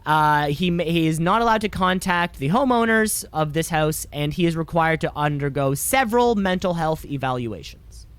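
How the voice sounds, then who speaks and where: A man's voice: a little high, animated, moderate pace, hardly any pauses, a bit bright, smooth, dry recording. A man co-hosting a podcast in casual chat, rambling and joking sarcastically. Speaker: podcast co-host.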